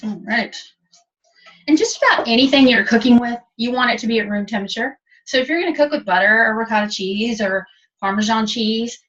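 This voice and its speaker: A fairly high, fairly bright female voice belongs to a cooking instructor giving a practical, chatty demonstration in a kitchen, step by step. The sound reaches listeners through distant, dull webinar audio.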